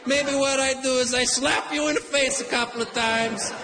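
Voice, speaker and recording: A man's voice: very high-pitched, steady tone, normal speed, echoey room, over music, pitched above the performer's own voice. A man putting on the voice of his hot-tempered older Italian immigrant father, with a heavy Italian accent and broken English. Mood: menacing. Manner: theatrical, threatening, broken English.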